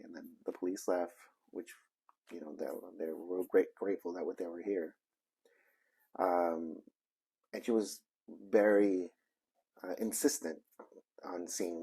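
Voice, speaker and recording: A man casually telling a story from his reselling business, rambling and halting with many fillers and restarts. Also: deep voice, steady tone, dark tone, slightly rough. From Arizona, United States.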